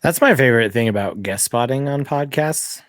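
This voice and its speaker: A man's voice: medium pitch, lively intonation, moderate pace, a bit bright, dry recording. Upbeat male podcast host, dry sound. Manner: upbeat, laughs often, reads sponsor plugs. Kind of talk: casual interview chat.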